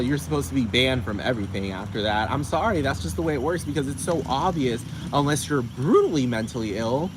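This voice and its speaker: A man ranting casually to camera as a vlogger, rambling and profane, often asking if you know what he's talking about, with his pitch shooting up when he gets riled. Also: noisy background.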